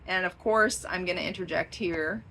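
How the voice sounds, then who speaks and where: A woman's voice: on the low side, normal speed, sharp tone, a little hiss or hum, rough recording. A woman talking in a rambling, stream-of-consciousness vlog, drifting into tangents and laughing often. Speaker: vlogger.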